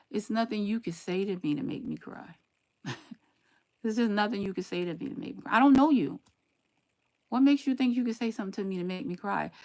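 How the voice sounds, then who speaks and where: A woman's voice: medium pitch, gravelly. An older woman, a grandmother live-streaming and answering chat comments in a blunt, scolding, sarcastic way. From southern United States. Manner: blunt, scolding, sarcastic warnings with lively swings. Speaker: livestreamer.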